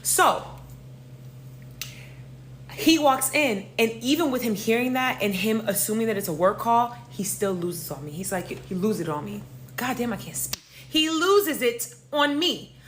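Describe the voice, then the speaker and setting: Animated young New woman telling a story. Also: mid-range voice, moderate pace, slight background noise. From New York. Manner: animated, slangy and profane, addressing listeners as y'all. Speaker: storyteller host. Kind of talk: casual storytime vlog.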